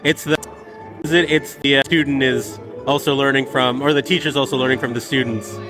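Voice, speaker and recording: A man chatting at a game night in a mid-pitched voice, thoughtful and halting. Music plays clearly in the background. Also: steady tone, poor audio. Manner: hesitant, thoughtful, many fillers. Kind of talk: casual chat.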